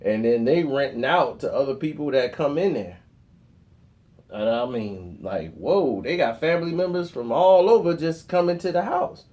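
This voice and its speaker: Animated man telling a story. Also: mid-range voice, normal speed, muffled recording. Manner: animated, laughs often, acts out others' lines. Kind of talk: casual storytelling.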